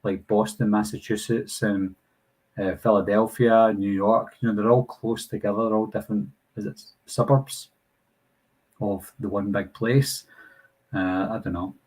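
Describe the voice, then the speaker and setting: A man's voice: on the low side, fairly even intonation, a little slow, a little mellow, husky, low-quality recording. A young man with a Glasgow accent, hosting a casual live Q&A and answering viewer comments in a chatty, apologetic way. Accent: Scottish, Glasgow. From Scotland. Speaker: channel host answering live chat.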